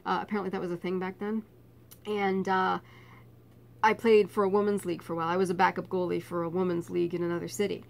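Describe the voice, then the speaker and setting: A middle-aged woman from Canada telling a personal story in a casual vlog, laughing often and getting animated. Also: fairly low pitch, fast, gravelly. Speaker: vlogger.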